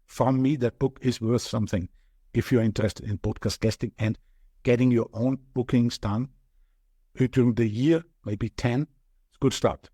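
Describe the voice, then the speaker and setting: A man's voice: medium pitch, steady tone, moderate pace, mellow, husky, dry recording. Man, Austrian accent, podcast guest, earnest explaining, dry close sound. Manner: earnest, explanatory, restarts sentences. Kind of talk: podcast interview chat.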